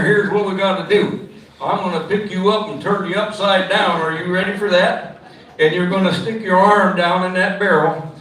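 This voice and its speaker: High-voiced folksy man announcing a draw. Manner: folksy, teasing, hands-on with a child. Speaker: event announcer drawing tickets. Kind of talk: jokey live announcing to a crowd. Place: outdoor event with crowd. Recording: echoey, far-off, loud crowd noise.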